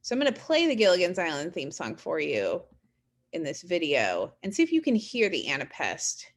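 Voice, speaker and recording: A woman's voice: on the low side, huge pitch swings, moderate pace. A middle-aged woman, a college English instructor, explaining ideas in a recorded video lecture, talking in an explanatory way with frequent fillers and restarts.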